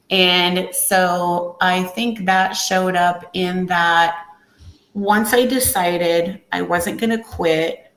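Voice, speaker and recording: A woman's voice: fairly low pitch, a bit bright. A woman guest on a podcast, talking candidly and telling her story with acted-out quotes. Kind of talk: casual interview talk. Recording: echoey room.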